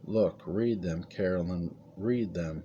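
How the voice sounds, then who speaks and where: A man's voice: sits low, takes it slowly, mellow, dull audio, slight background noise. A man voicing a frightened old matriarch. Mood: pleading. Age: 80s. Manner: pleading, urgent. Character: frightened elderly woman, family matriarch.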